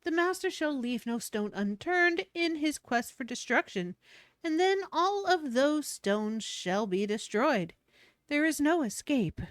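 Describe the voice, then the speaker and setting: A woman's voice: high voice, big pitch swings, a little slow, no room sound, studio quality. A woman voicing a pompous cult priestess. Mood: solemn. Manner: pompous, theatrical proclamations. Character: fanatical female cult priestess, grandiose. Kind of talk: reading game dialogue aloud on stream.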